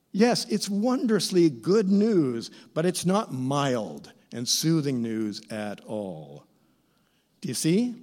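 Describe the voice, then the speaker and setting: A middle-aged man preaching a sermon as pastor, with expressive, theatrical emphasis. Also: a little high. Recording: reverberant church hall.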